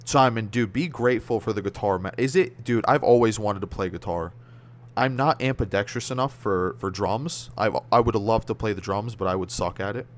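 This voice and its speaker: A man's voice: on the low side, normal speed. Rambling, slangy American guy streaming. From United States. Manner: rambling, slangy, laughs often, trails off mid-word. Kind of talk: casual livestream chat reading viewer comments.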